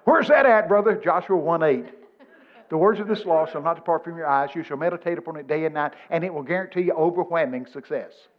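A preacher in his seventies delivers a folksy sermon, weaving scripture into lively stories. His voice sits somewhat high for a man. The recording is dull and lo-fi. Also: quick pace. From Texas. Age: 70s. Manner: folksy, animated storytelling with scripture quotes.

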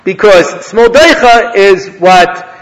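A male rabbi giving a humorous Torah lecture, an animated storyteller who laughs at his own jokes. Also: high-pitched, slow pace. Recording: long reverb of a hall.

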